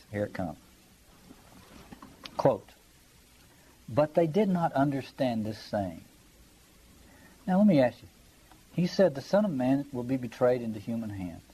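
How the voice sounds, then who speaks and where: A man teaches scripture in a relaxed lecture, his voice dark and warm. A breathy, husky edge runs under his words as he presses his points and keeps asking whether the listeners follow. He reads passages aloud as part of the talk. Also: lowish voice, poor audio. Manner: conversational, emphatic, checks in with listeners. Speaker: Bible teacher. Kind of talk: Bible study lecture.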